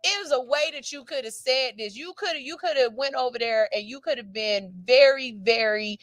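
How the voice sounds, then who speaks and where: High-voiced sassy lady radio host roasting a letter writer, loud and cussing. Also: moderate pace, dry recording. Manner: brash, sassy and profane, with theatrical outbursts. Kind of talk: reading out a letter and giving a blunt verdict.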